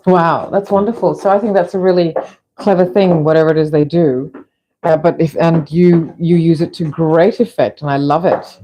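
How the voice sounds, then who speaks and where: A woman's voice: low voice, fairly even intonation, moderate pace, mellow, slight background noise, poor audio. A middle-aged woman from Fiji chatting in a rambling way while filming a cooking session in her home kitchen. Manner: rambling, chatty, frequent restarts. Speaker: vlog host.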